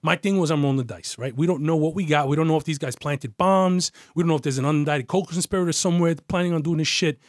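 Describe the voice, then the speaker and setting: This fast talker with a fairly high-pitched voice barely pauses as he tells his story. He's a middle-aged retired detective in a casual interview, blunt and profane, acting out the people in the tale, recorded dry at studio quality.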